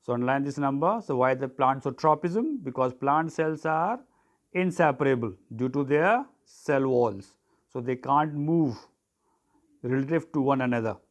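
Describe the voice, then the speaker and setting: A man's voice: medium pitch, muffled recording. A man teaching an online biology lesson, dictating terms for students to write down and spelling them out.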